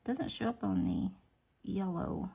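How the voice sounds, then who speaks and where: A woman's voice: mid-range voice, wildly swooping pitch, measured pace, creaky, warm tone, slightly rough. A woman chatting casually through a nail tutorial, rambling with asides to herself. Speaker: nail art vlogger.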